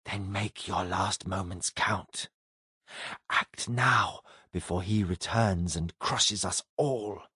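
Man voicing a cold, hushed inhuman entity. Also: husky, dry recording, studio quality, full character voice. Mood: cold urging. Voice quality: low, hushed, measured.

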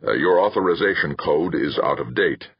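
A man voicing a stern middle-aged space commander with a gravelly voice. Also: extremely low pitch, normal speed, lo-fi sound, full character voice. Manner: stern, flat.

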